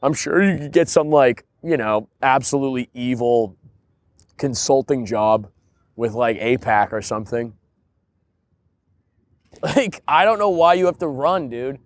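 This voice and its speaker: A man in casual podcast chat, ranting in an animated way and leaning on filler words. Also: medium pitch, a little slow, long pauses. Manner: animated, ranting, heavy use of "like" and "dude". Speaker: podcast co-host.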